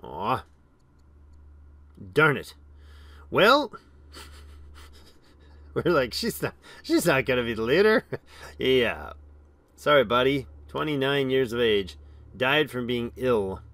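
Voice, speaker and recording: A man's voice: medium pitch, dry recording. Chatty man narrating a strategy game. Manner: chatty, reads game text aloud, reacts with animated exclamations. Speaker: game streamer. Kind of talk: casual gameplay commentary.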